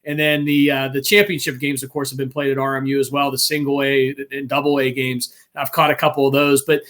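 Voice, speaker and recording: A man, a co-host who calls high school games, chatting with stammered restarts. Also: little pitch movement, brisk, a bit bright. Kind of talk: casual podcast chat.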